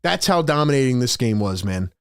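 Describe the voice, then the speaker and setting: A man hosting a postgame sports show, talking in an excited, emphatic way and repeating his key points, worked up with excitement. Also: medium pitch, a little fast, smooth, no echo, studio quality. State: overexcited.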